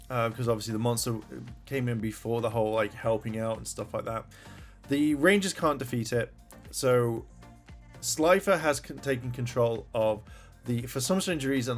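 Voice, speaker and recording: A man casually reviewing a TV episode, rambling through the plot and swearing when he gets annoyed. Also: medium pitch.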